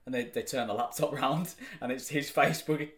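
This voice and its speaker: A man's voice: medium pitch, brisk. A man co-hosting a podcast, telling a story casually with frequent laughs and swearing. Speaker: podcast co-host. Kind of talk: casual chat. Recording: echoey room.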